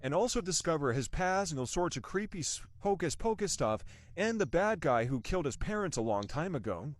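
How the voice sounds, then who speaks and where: Young American man, casual movie vlog, meandering delivery, slightly high, lively voice. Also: fairly quick. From United States. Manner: meandering, with frequent restarts and rhetorical questions. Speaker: vlogger reviewing a movie. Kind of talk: rambling casual movie review.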